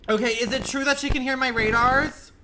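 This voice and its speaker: A man's voice: steady tone, brisk, sharp tone. A man streaming live gameplay, swearing a lot and swinging between muttering and screams. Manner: profane, dramatic, swinging from low muttering to screaming. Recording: noisy stream audio.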